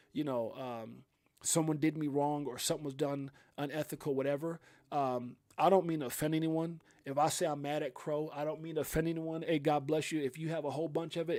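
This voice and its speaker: A middle-aged man talks fast on a live crypto stream. He is heartfelt and emphatic and keeps restarting his sentences with lots of ums and uhs. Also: on the high side, darkish tone. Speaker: crypto livestream host.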